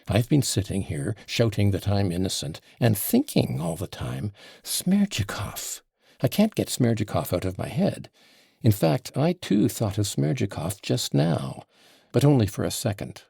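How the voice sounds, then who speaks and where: Guy putting on an agitated accused man, jumping way up in pitch, raspy dark voice. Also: big pitch swings, measured pace, dry recording, clean studio sound, heavily acted. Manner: heated, emphatic outbursts. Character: agitated accused young man, proud, passionate. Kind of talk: audiobook character voice.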